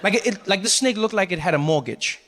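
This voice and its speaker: A lively male comedian telling a story on stage, his voice sitting high for a man and jumping around as he acts out the scene. He talks quickly and keeps the tale moving. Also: big-room sound. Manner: animated, fast storytelling with acted voices. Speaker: stand-up comedian. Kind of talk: stand-up storytelling.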